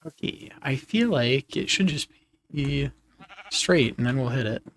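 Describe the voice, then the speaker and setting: A man's voice: medium pitch, expressive, a little slow, fairly bright tone, a little hiss or hum. A man chatting casually with his viewers on a live game stream, laughing often.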